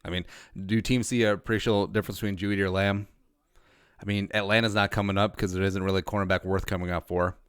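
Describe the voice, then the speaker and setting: A man hosting a casual livestream podcast, laid-back and wry, reading out viewer shout-outs with quick jokes. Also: on the low side, level tone, clear, resonant tone, dry recording, studio quality. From Minnesota. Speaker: podcast host.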